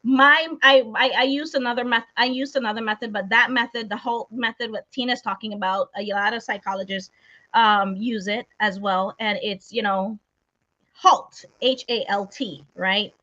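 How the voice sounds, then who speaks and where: A woman guest in casual chat who laughs often and explains ideas in quick lists. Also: a little high, steady tone, bright, forceful tone. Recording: dull lo-fi sound.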